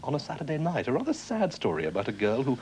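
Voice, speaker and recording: A man hosting a television interview, asking questions in a measured, formal way. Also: mid-range voice, huge pitch swings, darkish tone, a little hiss or hum.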